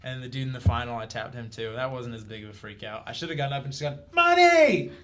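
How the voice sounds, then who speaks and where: A man on a podcast, casually telling animated stories about his jiu-jitsu matches. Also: medium pitch, very fast. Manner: animated storyteller, shouts out quoted coaches. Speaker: podcast guest, jiu-jitsu brown belt.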